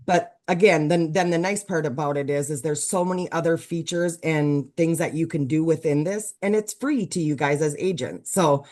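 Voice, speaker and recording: A woman's voice: low-pitched, moderate pace, hardly any pauses, darkish tone. A woman co-presenting on a video call webinar, explaining in a rambling, hesitant way with many fillers. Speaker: team member co-presenter. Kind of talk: webinar discussion.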